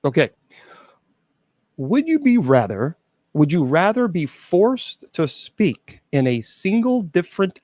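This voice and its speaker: Guy hosting a jokey chat show, kinda high voice, dry close sound, keeps restarting his lines. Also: no echo. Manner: joking, animated, stammers and restarts often. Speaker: show host. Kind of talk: casual comedic chat.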